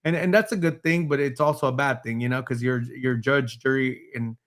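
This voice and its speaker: A man's voice: medium pitch, steady tone, a little fast, fairly bright tone. A man hosting a panel talk on code enforcement, rambling with many restarts and the occasional laugh. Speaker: host, building official. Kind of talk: panel discussion.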